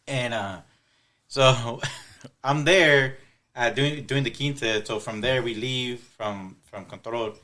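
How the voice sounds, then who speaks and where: A man's voice: medium pitch, slow, pushed and bright. A man telling long personal stories in casual podcast chat, often restarting and repeating words. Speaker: podcast co-host.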